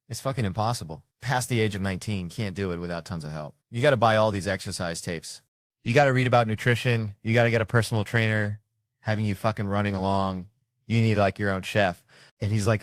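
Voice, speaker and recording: A man's voice: on the low side, quick pace, dry recording. A middle-aged man doing a stand-up comedy set, telling brash, profane family stories and acting out the quotes.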